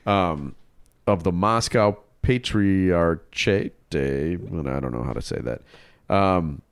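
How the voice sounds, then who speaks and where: A man co-hosting a casual podcast, telling stories and joking with animated outbursts. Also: low-pitched, slow, clear, resonant tone, dry recording, clean studio sound. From Chicago area, Illinois. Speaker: co-host.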